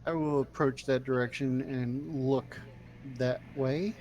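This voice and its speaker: A man playing a tabletop game, talking in an unhurried, hesitant way. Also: mid-range voice, fairly even intonation, darkish tone, a little hiss or hum. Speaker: player.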